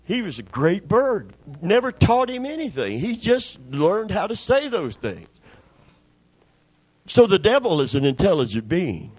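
A man's voice: sits high, very animated, measured pace, slightly rough, no echo. A middle-aged man preaching a sermon in a folksy, conversational storytelling way, repeating words for emphasis. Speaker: pastor.

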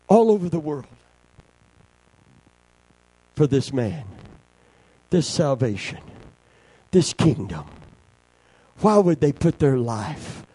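An older man preaching a sermon, swinging from shouted lines to hushed, quiet passages. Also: medium pitch, husky, no room sound, low-quality recording.

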